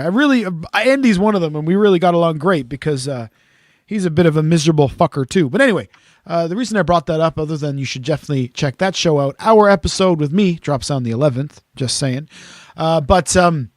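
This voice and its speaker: A man's voice: fairly high pitch, animated, fast talker, dry recording, studio quality. A man hosting a podcast in casual chat, rambling, joking and swearing freely. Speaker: podcast host.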